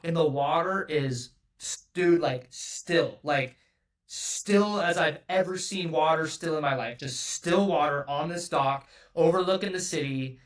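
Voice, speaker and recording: A man's voice: a little high, fairly bright tone, recorded from a distance. A man from California telling a story as a podcast guest, loose and rambling, swearing often and filling every gap with "like". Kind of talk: casual storytelling.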